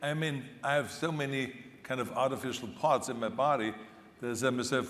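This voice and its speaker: A man's voice: mid-range voice, steady tone, a little fast, a bit bright. A man in his seventies with an Austrian accent, speaking as a guest on a conference stage in a playful, self-mocking way. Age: 70s. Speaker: celebrity spokesperson guest. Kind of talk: joking onstage conversation. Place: large conference hall stage. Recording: echoey hall with faint crowd noise.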